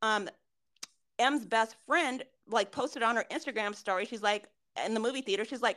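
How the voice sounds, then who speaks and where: A woman's voice: on the high side, normal speed. A woman co-hosting a casual podcast chat, swearing freely and acting out what friends said. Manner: swears a lot, quotes friends in animated retellings. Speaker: podcast co-host.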